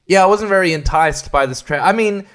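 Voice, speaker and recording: Guy ranting on his podcast, kinda high voice, sarcastic, swears constantly, keeps laughing. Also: a little fast, a bit bright. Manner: sarcastic, rambling, swears a lot, laughs often. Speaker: podcast host. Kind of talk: solo podcast rant.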